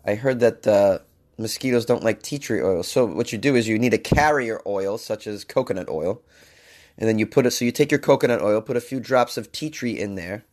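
A man with a brisk, lowish, somewhat dark voice reads out a science news story with casual, jokey commentary. He tosses in sarcastic asides and a few bits of mock crooning.

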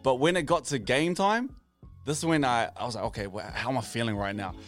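An upbeat man co-hosts a casual morning radio chat, steering the talk from one segment to the next. His pitch sits in the middle range. Faint music plays behind him. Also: a little fast, a bit bright. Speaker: co-host.

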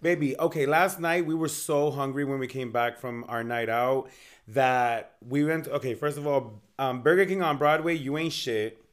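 Co-hosting a casual podcast chat, a thirty-something man tells animated stories full of jokes and profanity. He speaks at a medium pitch and moderate pace.

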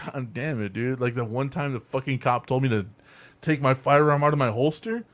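A young man hosting a casual podcast, telling an animated, profane story and acting out the people in it. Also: mid-range voice, a little fast. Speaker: podcast host.

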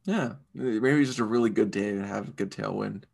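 A man co-hosting a podcast, chatting in a relaxed, rambling way with lots of fillers. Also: fairly low pitch, fairly quick, gravelly. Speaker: podcast co-host. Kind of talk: casual chat.

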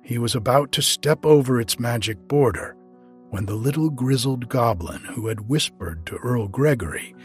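A man narrating a storybook in a slow, measured way with old-fashioned phrasing. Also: medium pitch, animated, soft background music. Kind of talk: storybook reading.

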